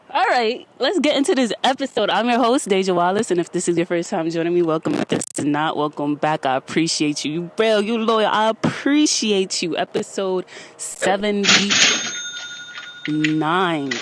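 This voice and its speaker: A woman's voice: fairly low pitch, a little hiss or hum. Woman host, chatty motivational monologue, slightly winded, recorded outside. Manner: chatty, repeats "you get me?". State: a little out of breath. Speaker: podcast host. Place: outdoors.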